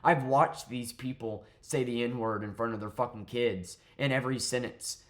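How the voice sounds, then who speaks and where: A man's voice: medium pitch, normal speed. Angry man ranting, swearing. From southern United States. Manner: heated, profane, sarcastic. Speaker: vlogger. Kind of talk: angry political rant.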